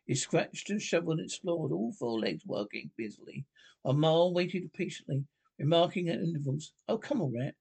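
A man with a gravelly, husky voice reads a classic storybook aloud. His reading halts often and he goes back to restart words. His voice sits a little higher than most men's. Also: lively intonation, darkish tone. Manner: halting reading with frequent restarts. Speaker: storybook reader. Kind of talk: reading a children's novel aloud.

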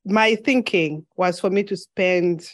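A woman's voice: lowish voice, takes it slowly, no room sound. A woman from Zambia with a slight lisp, a podcast guest telling her story in an earnest, reflective way in a casual interview.

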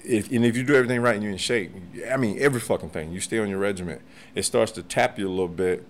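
A man's voice: on the low side, very fast, a little hiss or hum. A man in his forties or older, chatting casually on a podcast, swearing freely and laughing as he tells stories. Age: 40s or older. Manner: profane, animated, laughs often. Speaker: podcast guest, martial arts master. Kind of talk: casual storytelling chat.

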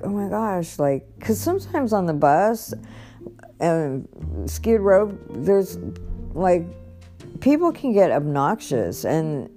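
A woman's voice: low voice, mellow. A woman talking casually about her own life on a podcast, rambling with many fillers and restarts. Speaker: podcast host. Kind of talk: casual personal storytelling.

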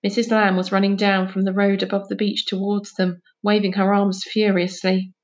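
A woman narrates a children's novel aloud at a mid pitch. Her reading is clear and steady, moving between description and quoted dialogue. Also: moderate pace. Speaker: audiobook reader. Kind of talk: storybook narration.

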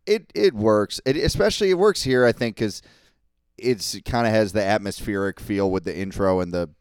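A man with a very low, smooth, resonant voice weighs his opinions slowly in casual podcast chat. He hesitates and repeats words as he thinks. The recording is close and dry. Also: no echo. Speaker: podcast co-host.

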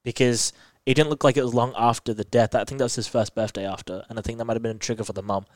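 A man in casual conversation, retelling a TV episode in lively detail. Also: mid-range voice, very fast, no echo. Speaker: podcast co-host. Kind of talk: casual chat recapping a TV episode.

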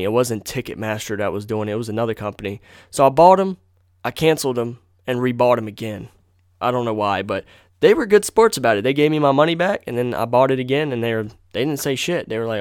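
A man's voice: mid-range voice, smooth, no echo, clean studio sound. A young man hosting a podcast, telling a story in a rambling, profane, casual way and correcting himself as he goes. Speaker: podcast host.

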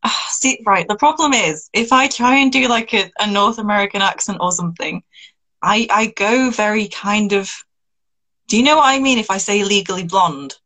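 A woman's voice: medium pitch, normal speed, sharp tone, poor audio. A woman guest in a casual interview, bashful and amused. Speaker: musician guest.

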